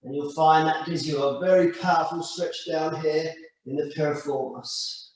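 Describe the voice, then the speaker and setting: A man leading a stretching class with slow, calm step-by-step cues. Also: fairly high pitch. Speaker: stretching instructor. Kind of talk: guided exercise class. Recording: echoey room, mic far off.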